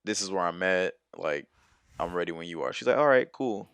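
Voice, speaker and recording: This storyteller vlogger has a deep, clear, resonant voice, and there's no room sound. The young man moves briskly through a personal anecdote, casual and slangy, full of fillers and back-and-forth quotes delivered in an animated, rambling way.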